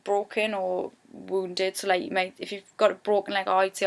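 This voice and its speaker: A woman's voice: mid-range voice, moderate pace, creaky. A woman with a Geordie accent from Newcastle, giving a casual, chatty spoken lesson on local words and phrases. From Newcastle, England. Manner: chatty, animated when voicing example phrases. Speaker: YouTuber teaching dialect.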